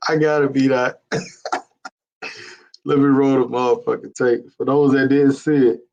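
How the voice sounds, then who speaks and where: A man's voice: medium pitch, level tone, measured pace, vocal fry, a little mellow, dull audio. A man hosting a casual call-in chat, laid-back and slangy, laughing often. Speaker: show host.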